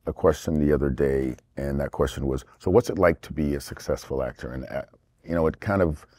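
Deep bass male voice, actor from england, interview guest, rambling and animated, dry sound. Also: no room sound. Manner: rambling, restarts often, animated asides. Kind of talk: casual interview talk.

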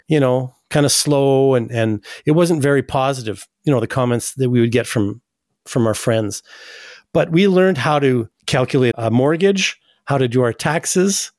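A man's voice: medium pitch, moderate pace, darkish tone, no room sound, studio quality. A man hosting a radio show, chatty and anecdotal, with frequent asides. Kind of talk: casual radio talk.

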